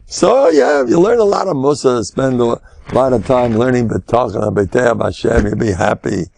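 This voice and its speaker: With a gravelly voice and moderate pace, an older American rabbi delivers an animated Torah talk about faith. He tells stories, bursts into sudden high exclamations, and sprinkles in Hebrew and Yiddish.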